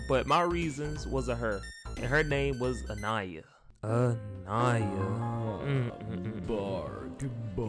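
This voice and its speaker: Young male storyteller, casual and animated with lively pitch jumps, over faint music. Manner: animated and slangy, swinging from low asides to high yelps. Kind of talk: comedic storytime narration.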